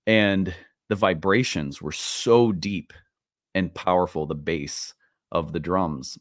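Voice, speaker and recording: A man hosting an astrology video in a casual talk, animated and self-deprecating, laughing at his own jokes, recorded at home. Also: deep voice, slow, no room sound, clean studio sound. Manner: self-deprecating, playful asides. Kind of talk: casual solo talk to camera. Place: home room with open windows.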